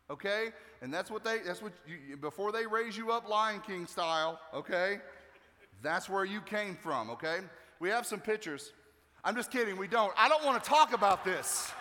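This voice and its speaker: A male pastor preaching a sermon in a relaxed, joking way, acting out the people in the story. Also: sits high, unhurried. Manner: conversational and joking, acting out quotes. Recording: long hall reverb.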